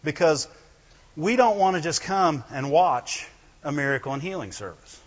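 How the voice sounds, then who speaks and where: Male pastor, conversational sermon with chuckles, slightly high voice, long hall reverb. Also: expressive, normal speed, highs cut off. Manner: keeps asking the congregation "right?" and "amen?"; chuckles between points. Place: church hall.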